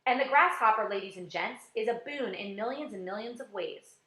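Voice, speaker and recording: A woman's voice: on the high side, lively intonation, a little fast, sharp tone. A woman voicing a cheerful small boy in a storybook, eager and friendly, in an echoey room.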